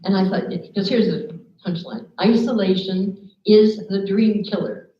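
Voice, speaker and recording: Woman motivational speaker, animated storyteller, echoey room, muffled recording. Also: mid-range voice, measured pace. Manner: lively storyteller, acts out quoted people. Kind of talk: live talk to an audience with slides. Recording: echoey room, dull lo-fi sound.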